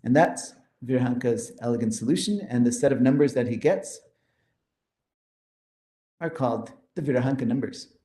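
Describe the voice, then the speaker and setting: A man lecturing on mathematics in a mellow, darker voice. He explains each step with enthusiasm and walks through formulas. The sound is roomy, with a noticeable echo. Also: mid-range voice, moderate pace, pauses often. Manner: explanatory, enthusiastic, pointing to slides. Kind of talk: math lecture.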